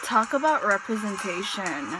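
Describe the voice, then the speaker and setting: A woman hosting a reaction video, gushing and gasping with excitement as she comments. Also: medium pitch, moderate pace, poor audio. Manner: gushing, gasping, squealing names. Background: loud performance music.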